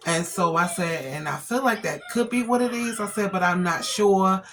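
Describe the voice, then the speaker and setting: Woman vlogging about her day, bright tone, faint hiss behind. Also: mid-range voice, moderate pace. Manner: chatty, retells events with quoted dialogue. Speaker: vlogger and family caregiver. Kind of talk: casual storytelling to camera.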